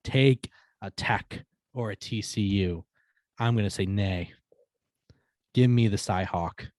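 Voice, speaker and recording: A man with a fairly low voice co-hosting a casual podcast, relaxed and easygoing. He rolls through long lists in a steady, even delivery. The recording is dry and close to the mic. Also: slow, no echo. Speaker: podcast co-host. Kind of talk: casual chat.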